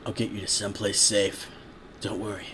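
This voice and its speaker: A man voicing a soft-spoken gentle stallion. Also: on the low side, level tone, moderate pace, slight background noise, lightly acted. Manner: soft, quiet, reassuring. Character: gentle, reassuring adult male pegasus stallion.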